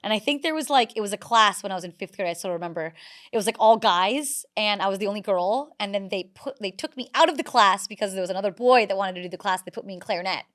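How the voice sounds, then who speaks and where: A woman in her thirties, a comedian guest on a podcast, telling stories in a lively way with many fillers. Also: mid-range voice, fast talker. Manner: animated storyteller, many "like" fillers. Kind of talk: casual podcast interview.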